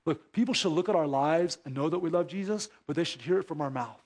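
A man preaching a sermon as pastor, dropping to hushed low asides and rising into emphatic exhortation, with rhetorical questions to the congregation. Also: quick pace.

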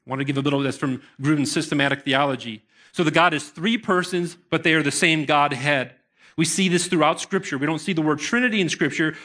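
A man preaching a sermon to his congregation in an earnest manner. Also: on the high side. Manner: earnest preaching, bursts into excited shouts. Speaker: pastor.

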